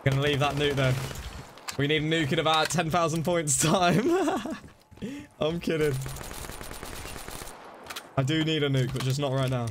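A man streaming a zombie shooter game, chattering excitably and joking around in silly put-on voices. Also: fairly high pitch, a little slow, pauses often, noisy background. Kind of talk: live gameplay commentary. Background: game music and gunfire.

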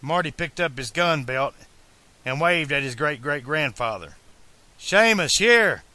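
A man's voice: mid-range voice, normal speed, bright, forceful tone, dry recording. A man narrating a fan-made audiobook who stops now and then for casual, chatty asides. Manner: casual, chatty asides between read passages. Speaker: amateur audiobook reader.

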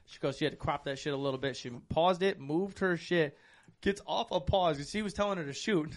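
A man's voice: fairly high pitch, brisk. A young man hosting a podcast, telling stories animatedly in casual, profane chat. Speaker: podcast host.

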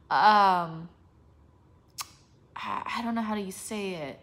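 In a casual vlog, a young adult woman talks to her viewers slowly in a medium-pitched, slightly bright voice with long pauses. She rambles, curses, and searches for her words, yawning occasionally along the way.

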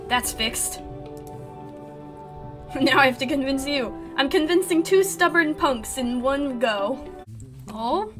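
A woman streamer reading a story game aloud, with animated and sassy asides. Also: high voice.

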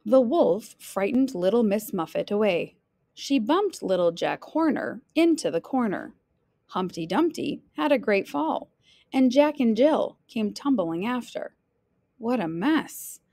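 A woman teacher reading a children's picture book aloud in an expressive, playful storytelling manner. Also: on the high side, a little slow, no echo, clean studio sound.

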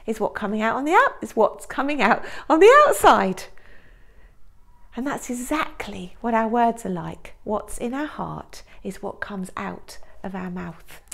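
A woman with a fairly high voice tells a story to young children at a school assembly. She talks in an expressive, playful way, sinking into hushed whispers and then climbing into loud, excited bursts. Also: gravelly.

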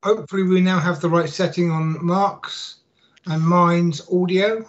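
A man co-hosting a live stream, trading quick jokes in casual chat. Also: high-pitched, fairly even intonation, muffled recording. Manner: joking, quick banter. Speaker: co-host.

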